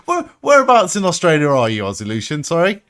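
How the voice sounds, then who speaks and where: Young guy streaming wrestling reactions, kinda high voice, swears a lot, bit of music behind. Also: fast. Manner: excitable, swears freely, laughs often. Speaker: streamer hosting a wrestling watch-along. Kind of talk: live reaction commentary and chat.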